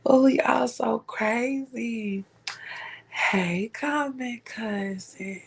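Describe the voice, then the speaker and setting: A woman putting on another woman's voice in a whispered role-play, pleading for her friend in a soft, drawn-out, mocking tone. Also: a little high, gravelly, slightly rough, heavily acted.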